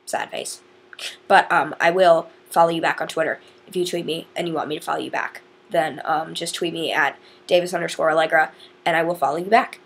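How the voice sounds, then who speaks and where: A woman's voice: low voice, fairly even intonation, fairly quick, breathy edge. A teenage girl from northern Indiana chatting to camera in a rambling, casual way with lots of fillers. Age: teens. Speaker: vlogger.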